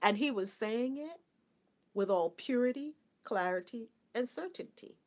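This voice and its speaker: A woman hosting a casual spiritual talk for her viewers, animated and playful, laughing often and mimicking people. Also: fairly high pitch, a little slow. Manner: mimics people in a flat, dutiful voice. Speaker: spiritual livestream host.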